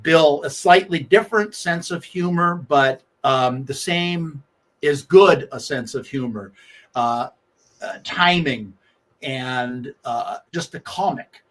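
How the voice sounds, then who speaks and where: Animated man telling a sports story. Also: fairly high pitch. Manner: animated, acts out quoted lines; halting with frequent restarts. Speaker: guest, sports writer. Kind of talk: anecdotal storytelling on sports radio.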